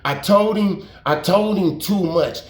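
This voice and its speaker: A man's voice: high voice, unhurried. A man telling a story in a casual, rambling way, repeating himself, using slang and cursing for emphasis. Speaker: YouTube storyteller. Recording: roomy echo.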